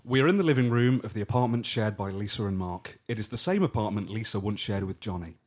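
A man's voice: on the low side, fast, darkish tone. A man co-hosting a comedy podcast, bantering and reading out stage directions. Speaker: podcast host. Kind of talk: casual comedy chat.

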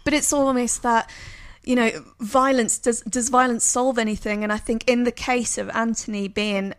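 A woman's voice: fairly high pitch, fairly even intonation, moderate pace. A woman co-hosting a podcast, earnestly talking through a film in casual chat. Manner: analytical, earnest. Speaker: podcast co-host.

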